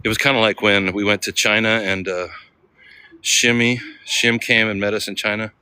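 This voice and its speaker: A man's voice: on the low side, fairly even intonation, moderate pace, sharp tone, clean tone, no room sound. An American man in a casual, rambling travel vlog, chatting as he walks outdoors and laughing often. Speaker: travel vlogger. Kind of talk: casual walking vlog chat. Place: outdoors on a city street. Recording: city street noise with traffic.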